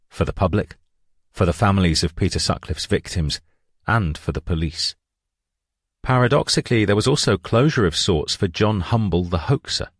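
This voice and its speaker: A man narrating a true-crime audiobook in a measured, even reading. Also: sits low, no room sound, studio quality.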